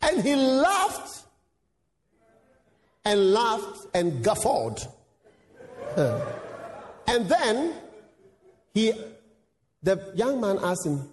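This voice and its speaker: A male pastor preaching a sermon, acting out dialogues with lively voices. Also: high voice, very slow, long pauses, in a large hall, slight background noise. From Ghana. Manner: animated, acts out dialogues in voices.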